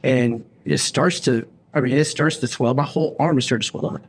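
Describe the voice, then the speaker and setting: A podcast host spins a long story in casual conversation, performing the lines he quotes from himself. His voice is husky, medium-pitched and brisk, with faint background noise in the recording.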